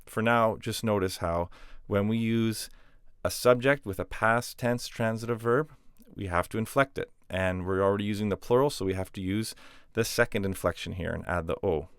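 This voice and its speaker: A young adult man teaching a grammar lesson in a relaxed way, explaining rules with fillers and reading example phrases aloud. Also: on the low side, normal speed, smooth, no echo, clean studio sound. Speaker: language teacher.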